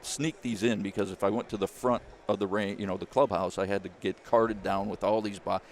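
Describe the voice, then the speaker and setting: A man, a former caddie turned business founder, telling a lively story in an interview and acting out the people he quotes. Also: lowish voice, fairly quick, a little hiss or hum. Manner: animated storyteller, acts out quoted voices.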